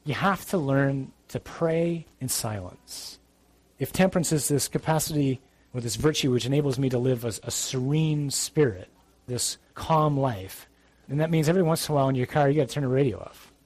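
A man's voice: mid-range voice, normal speed, a little mellow, dry recording. A middle-aged man, a priest, giving a conversational, emphatic sermon with asides.

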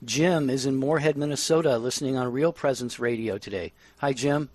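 Male radio host, mid voice, easygoing and measured with callers. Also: mid-range voice. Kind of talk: call-in radio hosting.

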